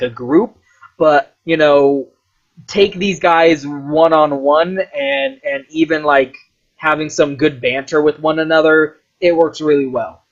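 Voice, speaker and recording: A man rambling casually about a film, full of fillers and swearing, animated as he goes. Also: a little high, muffled recording. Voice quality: filler-heavy, profane, animated. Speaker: vlogger reviewing a film.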